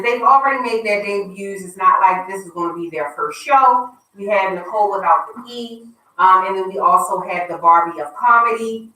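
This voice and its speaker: A woman hosts a casual radio talk show, chatty and teasing as she plugs an upcoming event. Her voice is bright and forceful. It sounds roomy, as if she sits a bit back from the mic. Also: mid-range voice, distant mic. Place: radio studio.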